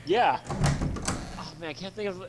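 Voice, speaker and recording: A man chatting casually while playing a game, rambling and excitable, swearing freely and tripping over his words. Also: sits high, moderate pace, a crowd in the background. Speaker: gameplay commentator.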